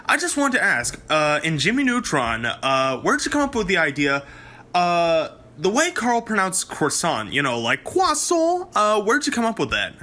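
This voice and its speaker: A man from the audience nervously asking a voice actor a question, with many pauses and fillers. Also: sits high, wildly swooping pitch, pushed and bright. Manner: hesitant, full of uhs.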